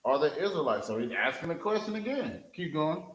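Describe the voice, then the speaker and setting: The recording is rough and roomy as a man with a fairly high voice teaches scripture briskly as a street preacher. Animated, he has a reader supply verses and repeatedly asks "you understand?"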